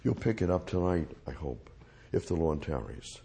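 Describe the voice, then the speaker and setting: A man's voice: extremely low pitch, very animated, moderate pace, mellow, a little hiss or hum. A man teaching the Bible verse by verse, repeating phrases and restating each verse in plain everyday words.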